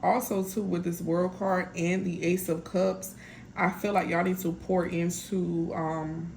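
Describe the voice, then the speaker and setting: Chatty woman reading tarot, low voice. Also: flat delivery, unhurried, creaky, darkish tone, a little hiss or hum. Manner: chatty, blunt, lots of "y'all" and "like". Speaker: tarot reader.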